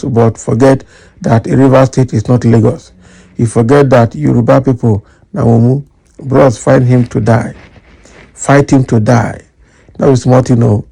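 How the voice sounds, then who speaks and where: A Nigerian man reading out political news and then giving lively commentary, slipping into Nigerian Pidgin. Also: mid-range voice, creaky. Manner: animated, mixes in Nigerian Pidgin.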